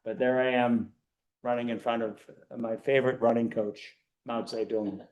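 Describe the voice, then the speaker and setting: Older guy telling travel stories to a church crowd, lively and self-mocking, mid-pitched voice. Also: moderate pace. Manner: animated, self-mocking storyteller. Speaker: guest speaker. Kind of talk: storytelling talk to a church audience.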